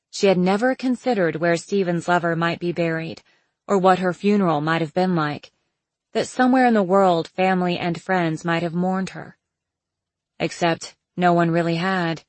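Lowish female audiobook narrator. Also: dry recording, rough recording. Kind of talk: scripted narration.

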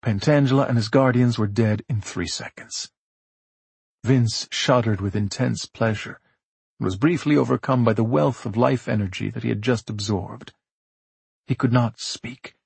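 Gravelly man narrating an audiobook. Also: medium pitch, a little mellow, no echo.

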